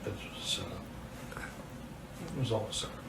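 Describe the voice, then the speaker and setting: Older man, halting and hesitant, far from mic, echoey room, faint ambient hum. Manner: hesitant, halting, repeats words. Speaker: man confronted in a sting video. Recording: roomy distant audio with faint ambience.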